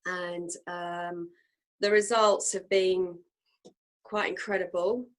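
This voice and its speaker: A woman co-hosting a casual reflective chat, talking earnestly with many fillers and pauses. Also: lowish voice, flat delivery, low-quality recording. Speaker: co-host.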